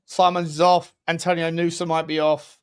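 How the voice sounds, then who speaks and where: A man's voice: a little high, flat delivery, moderate pace, clear, resonant tone. A man co-hosting a casual football chat, chatty and throwing questions to his co-host.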